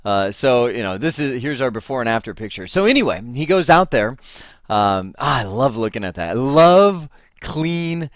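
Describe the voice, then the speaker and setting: Middle-aged male instructor, mid-pitched, dry close sound, chatty anecdotal delivery. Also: normal speed, no echo. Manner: animated storyteller who acts out both sides of a phone call. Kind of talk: casual lecture with a told anecdote.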